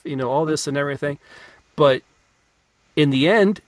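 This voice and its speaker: A man co-hosting a podcast, summarizing a film plot in a relaxed, halting way. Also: on the high side, dry recording. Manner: laid-back, halting with restarts. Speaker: podcast co-host. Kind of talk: casual film review chat.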